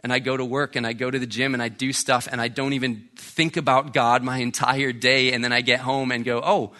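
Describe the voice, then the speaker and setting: Bright-voiced male pastor preaching. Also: mid-range voice, level tone, a little fast. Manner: conversational, keeps asking "right?". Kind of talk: sermon.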